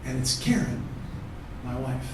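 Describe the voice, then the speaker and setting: A man's voice: mid-range voice, big pitch swings, measured pace. A man performing a one-man comedy show, telling a story with intense, profane delivery. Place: theatre stage. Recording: roomy distant theatre recording, audible noise.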